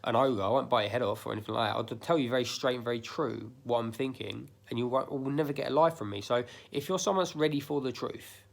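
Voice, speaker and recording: A man's voice: medium pitch, quick pace, gravelly, few pauses. A man giving blunt, emphatic life advice straight to his viewers, swearing freely and repeating himself. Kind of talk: casual direct-to-camera monologue.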